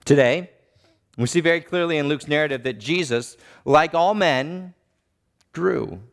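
Man, thirties, pastor, sermon, slightly high voice, deliberate emphatic delivery. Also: a bit bright. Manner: deliberate preaching with emphatic rises. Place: church sanctuary.

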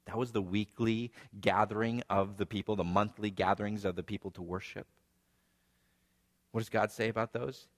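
A man's voice: lowish voice, fairly even intonation, moderate pace, long reverb tail. A man preaching a sermon, earnest, dropping to near-whispers and rising to emphatic passages. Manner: earnest preaching, swinging between hushed and emphatic.

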